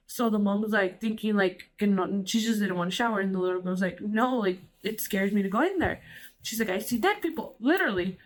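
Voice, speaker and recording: A woman's voice: mid-range voice, a little fast. A woman host telling ghost stories in a rambling casual chat, switching between English and Spanish and saying "like" a lot. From Colorado, United States. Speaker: podcast host.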